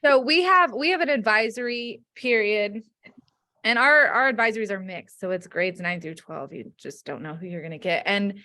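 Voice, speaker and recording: Frank woman teacher with a bright voice. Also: mid-range voice, animated, moderate pace, no echo. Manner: frank, chatty, heavy use of "like". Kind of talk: casual group discussion.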